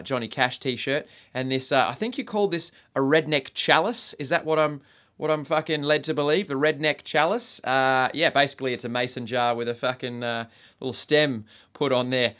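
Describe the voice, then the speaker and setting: A man's voice: medium pitch, fairly quick, a bit bright. An Australian man talks casually to his camera, swearing in almost every sentence. His delivery is blokey and joking, like a laid-back host chatting with his regular viewers. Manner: crude, swears constantly, blokey banter. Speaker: vape reviewer and channel host. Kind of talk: casual vlog review.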